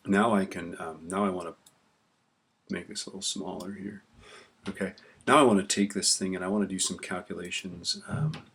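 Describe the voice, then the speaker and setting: Low-voiced man walking through a spreadsheet. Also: moderate pace, vocal fry, fairly bright tone, breathy edge. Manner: casual, talks while typing, often tags "right?". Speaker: teacher. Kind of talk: screen-recorded spreadsheet tutorial. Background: keyboard clicks and typing.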